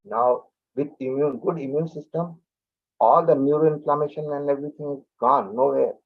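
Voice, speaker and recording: Man, animated lecturer, restarts and repeats phrases, thin phone-like sound. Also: a little high, moderate pace. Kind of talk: public talk on yoga and science. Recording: tinny phone-like audio.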